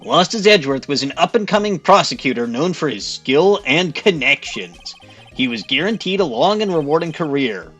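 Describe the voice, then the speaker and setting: A man's voice: on the high side, sing-song, moderate pace, a bit bright, soft background music. A man doing a silly male TV news reporter voice, with a mock-formal newscaster delivery, for a comedic game playthrough. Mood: urgent bulletin.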